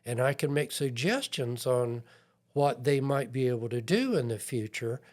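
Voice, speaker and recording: A man sits in as a guest on a conversational podcast, an IT consultant who is earnest, self-mocking and acts out quoted voices. He speaks at a moderate pace in an animated, mid-range voice that's a little mellow.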